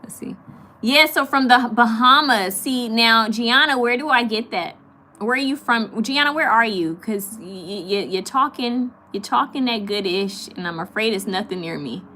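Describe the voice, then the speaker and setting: A woman with a slightly high, pushed, bright voice and a faint hiss or hum in the audio hosts a live stream from California. She chats casually, giggling as she answers viewer comments, with lots of fillers and quick repeats.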